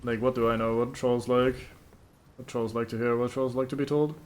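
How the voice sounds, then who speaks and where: A man's voice: mid-range voice, flat delivery, a little fast, a little hiss or hum. A man giving casual, joking let's-play commentary, muttering to himself and swearing freely as he plays. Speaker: gameplay commentator.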